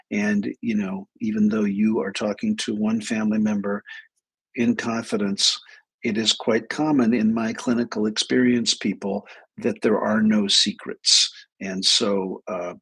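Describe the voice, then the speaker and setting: Middle-aged guy doing a live advice stream, husky lowish voice, chatty storyteller. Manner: storytelling, animated asides. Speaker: host, clinician.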